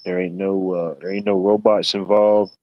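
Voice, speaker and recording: A man's voice: low voice, level tone, normal speed, dry recording, dull audio. A man hosting a casual live stream, joking and rambling, peppering his talk with "you know what I mean". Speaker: stream host.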